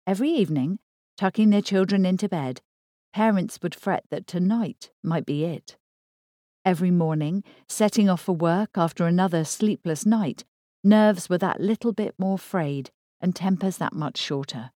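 A woman reading a novel aloud in measured, even scripted narration. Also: on the low side, no echo, clean studio sound. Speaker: audiobook narrator.

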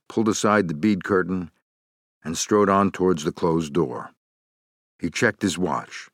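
An audiobook narrator with a deep voice reads a thriller novel aloud, telling the story in a measured, even way. It's scripted narration, recorded dry with studio quality.

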